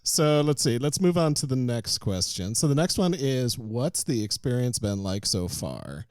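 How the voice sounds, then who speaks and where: A man hosting a podcast conversation, relaxed and keeping the talk moving. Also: mid-range voice, normal speed, clear, resonant tone, dry recording. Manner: relaxed, moves the conversation along. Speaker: podcast host. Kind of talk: casual chat.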